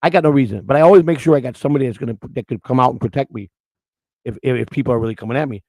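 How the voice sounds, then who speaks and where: A man's voice: mid-range voice, racing, a little mellow, no echo. A middle-aged man hosting a livestream, rambling through stories and chatting crudely and emotionally with his viewers. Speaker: livestream host. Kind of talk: casual chat with the live chat.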